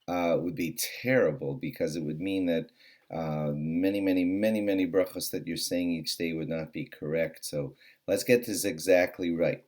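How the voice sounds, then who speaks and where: A man with a very low voice gives a brief daily lesson on Jewish law. He talks in a casual way with plenty of fillers. He slows right down to spell out the important points with care. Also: a little mellow. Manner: earnest, repeats key points slowly and deliberately. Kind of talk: short spoken halacha lesson.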